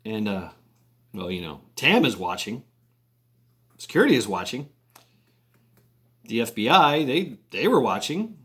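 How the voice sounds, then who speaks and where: A man's voice: medium pitch, very animated, measured pace, long pauses, fairly bright tone, slightly rough. A man telling a long story in a casual, rambling way, with many restarts and chuckles.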